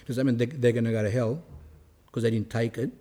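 A man's voice: medium pitch, fast, dark tone, breathy edge. A man giving a spiritual talk, reading quotes aloud and explaining them in a conversational way. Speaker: religious teacher. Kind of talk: spiritual talk reading and commenting on a saint's life.

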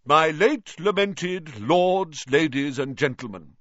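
A man's voice: a little high, lively intonation, slow pace, fairly bright tone, dry recording, pitched above the performer's own voice, full character voice. A man voicing a stiff, wounded, pompous ghost nobleman with formal, clipped speech. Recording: dry, slightly dull recording.

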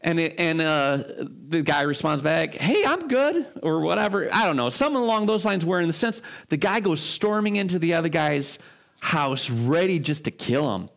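Conversational pastor with a raised voice. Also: male voice, on the high side, moderate pace, vocal fry, fairly bright tone. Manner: informal, frequent fillers and restarts, rhetorical check-ins. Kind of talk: conversational sermon.

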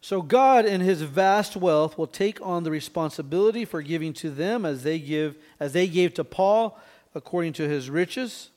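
A man delivers a verse-by-verse sermon in a somewhat high voice. He keeps checking in with his listeners with quick "right?"s and clears his throat from time to time. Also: lively intonation, darkish tone. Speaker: pastor.

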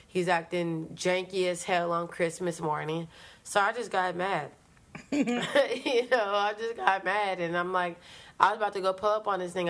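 With a fairly low-pitched voice, a woman co-host tells a story in casual chat. She's animated, profane and full of slang, acting out the things she said in the past.

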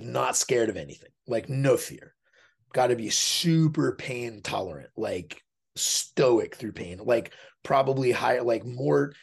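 Gravelly, husky-voiced man talking bluntly. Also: mid-range voice, a little mellow. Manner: blunt and profane, acts out quoted voices. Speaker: podcast guest, fighter and dog trainer. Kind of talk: casual interview talk.

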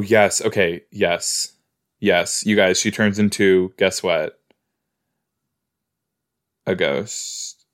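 A man hosting a podcast, chatting playfully as he reacts to a show he is watching. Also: sits low. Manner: chatty, playful, talks to the screen. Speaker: podcast host. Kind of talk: casual watch-along reaction.

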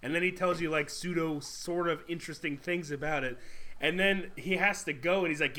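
A man co-hosting a podcast, retelling scenes and quoting characters in an animated way. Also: on the high side, a little fast. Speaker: podcast co-host. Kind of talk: casual chat.

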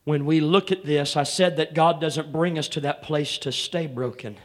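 Pastor guy preaching sunday morning, kinda high voice, calls out folks by name, gets loud n drawn out. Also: fairly even intonation. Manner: rising to loud, drawn-out shouted preaching, calling out congregation members by name; repeats "come on here" as a call to the congregation. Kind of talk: sermon.

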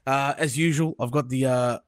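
A man's voice: mid-range voice, steady tone, moderate pace. A young Australian man hosting a casual podcast, blunt and crude, swearing freely. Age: young adult. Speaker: podcast host.

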